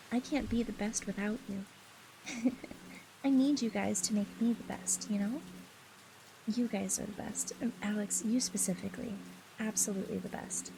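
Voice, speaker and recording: A woman streamer chats casually with her live audience, her voice sitting fairly high and her words coming slow and unhurried. She laughs often and shoots up into squeaky, flustered exclamations. A steady patter of rain is clearly heard behind her. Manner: giggly and playful, laughs often. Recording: steady rain noise in the background.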